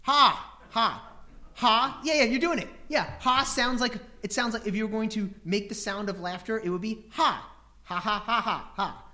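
A preacher teaching scripture delivers an animated sermon built around rhetorical questions, acting out voices and bursts of laughter to drive his points home. His voice is high-pitched and his pace normal.

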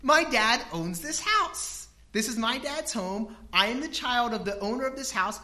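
An earnest young child firmly insists on his right to be at home, voiced by a man in a sermon. The voice is bright and sits a little higher than the speaker's own, in a plain, insistent tone. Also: animated, unhurried, full character voice.

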